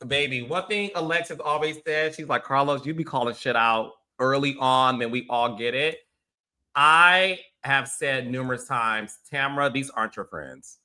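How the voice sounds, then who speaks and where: A man's voice: a little high, pushed and bright. A male host giving casual reality TV commentary, blunt and sarcastic, swearing freely as he calls out cast members.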